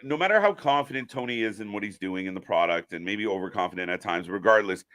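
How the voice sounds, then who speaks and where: Bright, jokey male stream host. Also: fairly low pitch, lively intonation, fast. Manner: jokey, addresses viewers directly. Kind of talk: casual live wrestling commentary.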